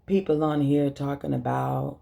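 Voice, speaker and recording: Woman, Chicago accent, middle-aged, dark mellow tone, husky, blunt vlog monologue. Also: very deep voice, little pitch movement. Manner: slow, earnest and blunt, with profanity. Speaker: vlogger. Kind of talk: emotional direct-to-camera monologue.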